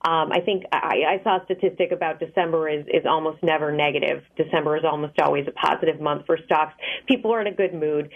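Woman reporting markets by phone. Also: fairly low pitch. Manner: clear, explanatory, steady. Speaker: financial correspondent. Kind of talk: live radio market report. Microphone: phone line. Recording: tinny phone line.

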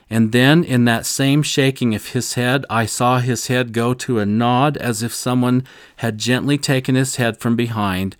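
A man's voice: medium pitch, no room sound, clean studio sound. An older man teaching scripture, telling a personal story in an earnest, solemn way.

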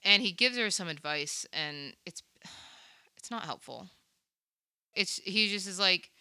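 Bright, crisp-voiced woman recapping a film. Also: lowish voice, dry recording, clean studio sound. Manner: animated storytelling, quick asides and laughs. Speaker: podcast co-host. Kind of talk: casual movie recap chat.

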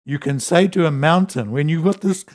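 A man preaching a sermon, reading scripture aloud and explaining it with emphatic rises and quiet drops. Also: moderate pace. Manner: animated, rising to emphatic peaks then dropping low; reads scripture aloud between teaching.

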